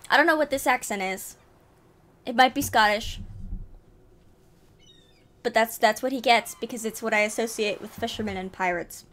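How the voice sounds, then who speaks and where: A woman's voice: fairly high pitch, moderate pace, long pauses, a bit bright, a little hiss or hum. Playful rambling woman streamer. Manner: playful, rambling, giggly asides. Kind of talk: casual live gameplay chat.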